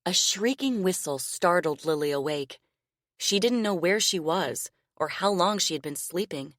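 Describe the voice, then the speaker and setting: Low-voiced woman reading a novel. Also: animated, a little slow, no room sound, studio quality. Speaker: audiobook narrator. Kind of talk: scripted narration.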